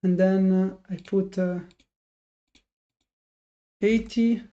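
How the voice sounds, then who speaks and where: Speaking extremely slowly in a high-pitched, dark voice with fairly even intonation, a man streams his live day trading. He talks to his chat in a frustrated, self-critical way, thinking aloud and restarting often, over dull lo-fi audio.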